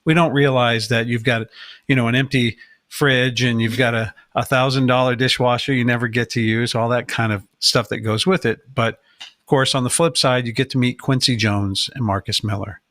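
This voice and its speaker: Relaxed man co-host, dry sound. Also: medium pitch, moderate pace, no echo. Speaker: podcast co-host. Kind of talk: casual podcast conversation.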